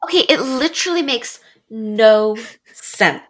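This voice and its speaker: A woman hosting a casual film podcast, talking in an animated way with sarcastic asides and frequent laughter. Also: a little high, a little slow. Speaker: podcast host. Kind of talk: casual film review chat.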